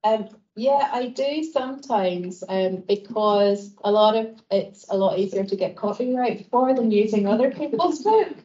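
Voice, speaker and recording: Woman, Northern Irish Ballymena accent, warm chatty writer at a seminar, muffled lo-fi sound. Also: medium pitch, expressive, a little slow, few pauses. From Northern Ireland. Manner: chatty, storytelling, uses "wee". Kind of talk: answering questions at an academic seminar.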